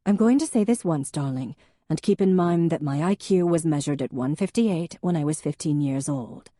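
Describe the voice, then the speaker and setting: Narrator plays a witty, elegant older sister, grand manner. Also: female voice, low-pitched, normal speed, warm tone, no echo, clean studio sound. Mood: teasing. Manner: grand, teasing.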